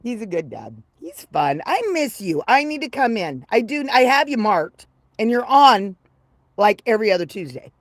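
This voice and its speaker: A woman's voice: normal speed, no echo. Brash, profane woman in her fifties. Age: 50s. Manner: brash, profane and rambling, swings from low mutter to loud excitement. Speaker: livestreamer. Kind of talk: casual livestream chat with viewers.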